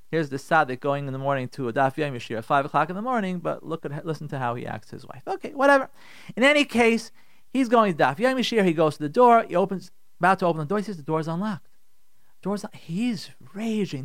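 A man giving a radio Torah talk as a rabbi, conversational and animated, acting out voices in his stories. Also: high voice, no echo, clean studio sound. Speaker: rabbi, radio show host.

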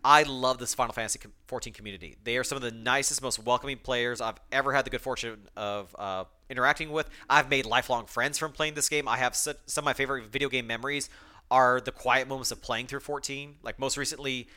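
A man's voice: medium pitch, fairly even intonation, fast talker, bright, forceful tone. A young man hosting a solo podcast, talking emotionally with many fillers and restarts, choked up at times. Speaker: podcast host.

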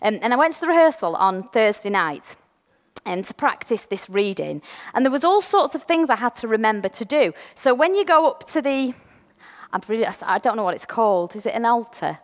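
An English woman giving a chatty, self-deprecating sermon in a church, slowing down to read scripture deliberately. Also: a little high, very animated, big-room sound. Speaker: preacher.

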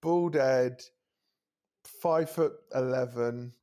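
A man's voice: mid-range voice, extremely slow. A man, telling a story on a casual podcast, swearing and acting out the people he quotes. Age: 30s. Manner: animated, swearing, acts out quoted voices, laughs often. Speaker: podcast co-host.

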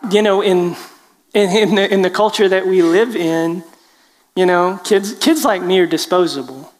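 A man, a preacher telling a personal story in an animated, self-deprecating way with halting restarts. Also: high-pitched, big-room sound. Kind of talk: storytelling testimony.

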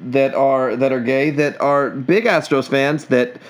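A man's voice: medium pitch, fairly even intonation, measured pace. Rambling, jokey man on a sports podcast. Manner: rambling, jokey, frequent restarts. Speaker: podcast co-host. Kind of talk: casual sports chat.

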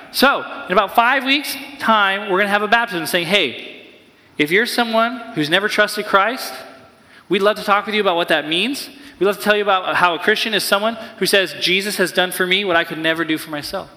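A man preaching a sermon as pastor, energetic and playful, sometimes acting out excited voices. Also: high voice, big-room sound.

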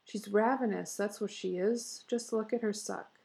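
A woman reading the part of a pushy, excitable bearded husband, talking in a boisterous, insistent way. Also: mid-range voice, normal speed, vocal fry, close to an everyday voice. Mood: coaxing.

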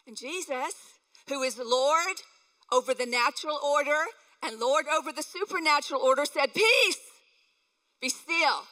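A woman pastor preaching a sermon in an animated way, acting out the people in her stories. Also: high voice, normal speed, in a large hall, rough recording.

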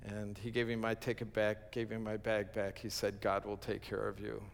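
A pastor telling a humorous story in a sermon, acting out the quoted lines and laughing at himself. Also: male voice, lowish voice, monotone, normal speed, creaky. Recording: long reverb of a large hall.

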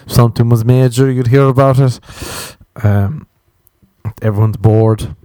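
A man's voice: medium pitch, steady tone, unhurried, dark tone, no echo, clean studio sound. A man doing a casual comedic rant, sarcastic and full of swearing, mocking people in put-on voices. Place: home during quarantine.

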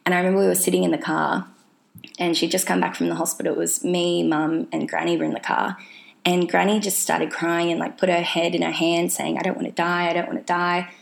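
A woman's voice: fairly low pitch, level tone, a little fast, creaky. A young woman telling a personal story casually, rambling with lots of fillers and restarts. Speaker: vlogger sharing her mental health story.

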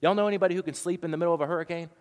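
A man's voice: high-pitched, steady tone, racing, long reverb tail. A man preaching a sermon, talking conversationally and asking the congregation rhetorical questions. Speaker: pastor.

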